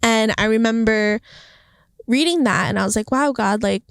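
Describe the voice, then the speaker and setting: Chatty, excitable young woman host. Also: on the high side, moderate pace, creaky, clean tone, no echo. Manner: chatty, excitable, laughs often, many fillers. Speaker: podcast host. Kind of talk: casual faith chat. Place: outdoors on a hill near the beach. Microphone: camera.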